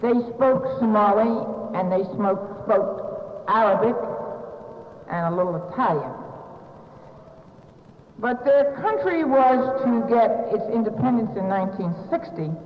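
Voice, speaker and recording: A woman's voice: medium pitch, slight background noise. An older woman with a Southern US accent tells her recovery story to an audience with wry, self-mocking humor. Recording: dull echoey hall recording.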